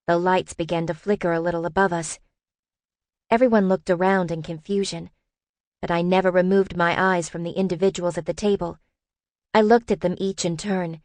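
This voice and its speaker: A woman narrating a first-person audiobook in a lively, expressive reading. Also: lowish voice, dry recording.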